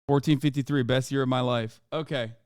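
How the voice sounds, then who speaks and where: A man's voice: mid-range voice, darkish tone, clean tone, dry recording, clean studio sound. A man streaming a reaction to the news, ranting in a heated, sweary, emphatic way. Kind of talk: profane live-stream rant.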